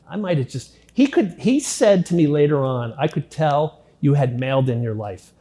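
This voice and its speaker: A middle-aged man gives an interview about his own past. He talks plainly and bluntly, with casual swearing, and his voice sinks nearly to a murmur when the memories turn grim. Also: mid-range voice. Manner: candid, drops to near-quiet at grim moments, swears casually. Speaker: interview guest. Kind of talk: telling his life story in an interview.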